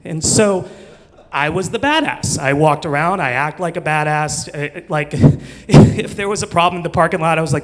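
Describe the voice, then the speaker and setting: A man's voice: on the high side, normal speed. A man in his forties from Missouri, telling a comic personal story with chatty, self-mocking asides and laughter. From Missouri, USA. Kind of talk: live comedic storytelling. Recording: long hall reverb.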